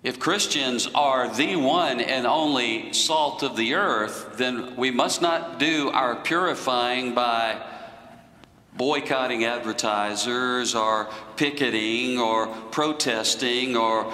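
A man preaching a sermon in a slow, deliberate teaching manner. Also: medium pitch, bright, forceful tone, echoey room, in a large hall, rough recording.

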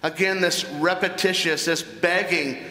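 A man's voice: high voice, fairly even intonation, a little slow, pushed and bright. A man with a Southern US accent preaching a sermon as pastor, emphatic and full of rhetorical questions to the congregation. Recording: echoey hall reverb.

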